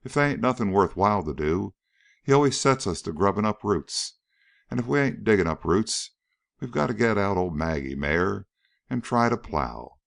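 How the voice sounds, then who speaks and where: A man's voice: fairly low pitch, expressive, normal speed, gravelly. A man voicing an easygoing young backwoods farmhand with a folksy drawl. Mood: grumbling, easygoing.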